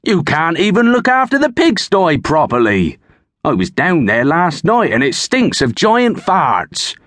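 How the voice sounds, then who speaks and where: A man voicing a rich, bossy, irritable farmer who yells and scolds. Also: medium pitch, very animated, takes it slowly, no room sound, exaggerated voice. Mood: angry. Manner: yelling, scolding.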